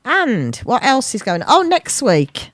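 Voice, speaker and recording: A woman's voice: on the high side, huge pitch swings, measured pace, dry recording. A woman, presenting a local radio show in a rambling, chatty way, interrupting herself with asides. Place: radio studio. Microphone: studio microphone.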